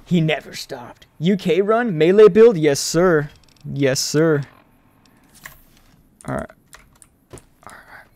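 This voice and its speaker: Young guy streaming games, kinda high voice, hyped, cusses a lot, yells in fights. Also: slow pace, pauses often, dry recording. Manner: excitable, swears freely, yells during fights. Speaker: game streamer. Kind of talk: casual live-stream chat and gameplay commentary.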